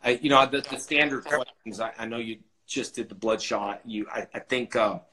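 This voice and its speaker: A man hosting a casual interview, talking in halting, rambling bursts with many restarts. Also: medium pitch, steady tone, poor audio. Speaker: host. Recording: loud background noise.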